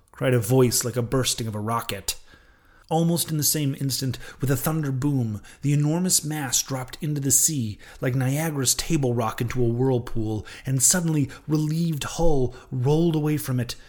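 A man narrating an audiobook of a classic novel in a dramatic, expressive reading. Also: medium pitch, normal speed.

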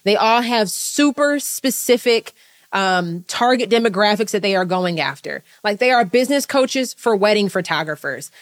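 A woman business coach giving a live talk to an audience, fast and emphatic, blunt, with casual swearing. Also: on the high side.

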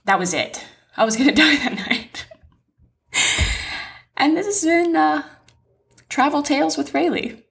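A young woman podcast co-host telling a dramatic story in a lively, animated way, swearing and laughing as she goes. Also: high voice, measured pace, gravelly, long pauses.

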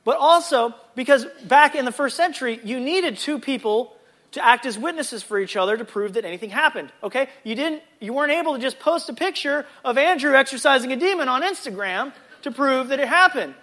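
A man leading a casual Bible lesson with a very high, bright voice. He talks in a chatty, animated way and keeps dropping in jokey asides. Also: brisk. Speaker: Bible study teacher.

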